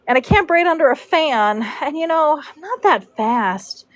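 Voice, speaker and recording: A woman's voice: high-pitched, lively intonation, measured pace, no echo. A woman voicing a seasoned older female horse braider who talks in a matter-of-fact way and calls people son.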